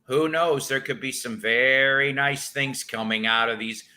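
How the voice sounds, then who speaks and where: A man's voice: medium pitch, steady tone, measured pace, pushed and bright. A man from the northern United States hosting a live stream, telling rambling anecdotes with frequent chuckles. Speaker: host of a record-collecting live stream. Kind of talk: casual storytelling chat.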